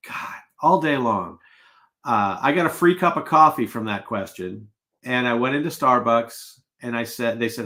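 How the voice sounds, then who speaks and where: Brief: middle-aged male sales coach, casual and anecdotal, mid-pitch, live-stream mic. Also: normal speed, pushed and bright. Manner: casual, storytelling, acts out quoted exchanges. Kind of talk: live webinar teaching.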